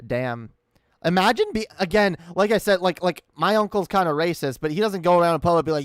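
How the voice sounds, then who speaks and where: A man's voice: high voice, animated, fast talker, no echo, studio quality. A man giving casual, profane reaction commentary on a video, incredulous and rambling. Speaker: commentary streamer.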